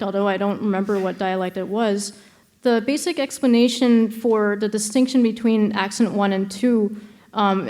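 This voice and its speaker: A woman's voice: mid-range voice, darkish tone. Hesitant woman asking a question. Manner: hesitant, many fillers and restarts. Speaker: audience member asking a question. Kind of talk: academic question from the floor.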